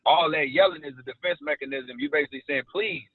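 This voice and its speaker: Speaking quickly in a slightly high voice, a South Side Chicago actor chats casually as an interview guest, spinning lively slang-heavy stories. The audio sounds thin and phone-like, and it's dry.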